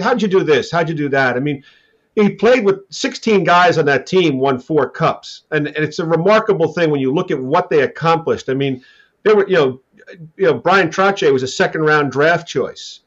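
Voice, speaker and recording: A man's voice: fairly high pitch, fairly bright tone, lo-fi sound. A man hosting a sports radio interview, asking long rambling questions full of restarts. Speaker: radio show host.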